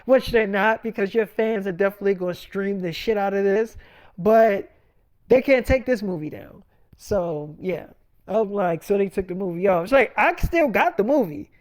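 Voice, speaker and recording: A man's voice: high voice, lively intonation, normal speed, darkish tone, no echo. A man spinning a long, loose, made-up story about his weekend. He swears casually and acts out both sides of each exchange. His voice is close and dry, with no room sound. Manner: casual and profane, quoting himself and others with "I'm like, she's like". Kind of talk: rambling made-up story, acting out both sides of phone calls.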